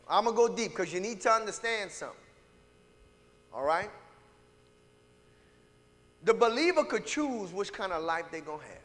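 A man's voice: high voice, bright, forceful tone. A man preaching a sermon to his congregation, emphatic and constantly checking in with "all right?" and calling out to the room. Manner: calls out to the congregation. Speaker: pastor. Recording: reverberant hall.

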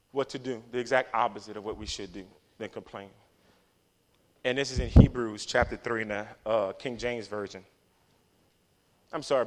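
A man preaching a passionate sermon, swinging from low murmurs to loud emphatic declarations.

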